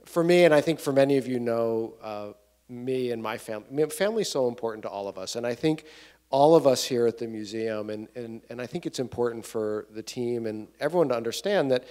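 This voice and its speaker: A man's voice: medium pitch, fairly quick, darkish tone. A middle-aged man, a museum director, interviewing a curator onstage in a rambling, stop-start way, often repeating words. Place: museum event space before an audience.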